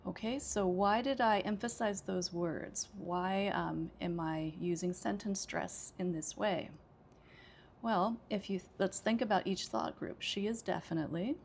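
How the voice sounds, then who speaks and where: A woman's voice: mid-range voice, unhurried, vocal fry, a little hiss or hum. An American woman teaching an English pronunciation lesson, explaining patiently with frequent "okay" and small hesitations. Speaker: ESL teacher.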